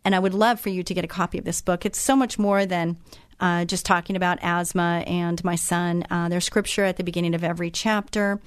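A woman's voice: fairly low pitch, fairly even intonation, fairly quick, clean tone, dry recording, studio quality. A middle-aged woman hosting a radio talk show, chatting casually with many fillers and restarts.

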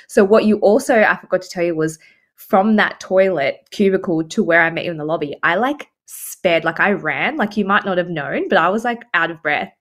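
A young adult woman, a podcast co-host, telling a story in casual chat, animated and laughing often. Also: lowish voice, brisk.

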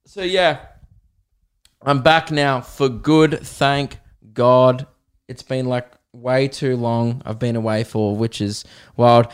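An Australian man at an average pitch, spinning a comic story on his podcast. He talks in a lively, self-mocking way and jumps into voices of the people he describes. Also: slow, clear, resonant tone. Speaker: podcast host, comedian.

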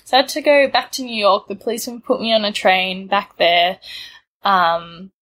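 A woman's voice: medium pitch, steady tone, normal speed, fairly bright tone. A young Australian woman in her twenties, casually telling a story, laid-back and laughing often. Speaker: guest telling a travel story.

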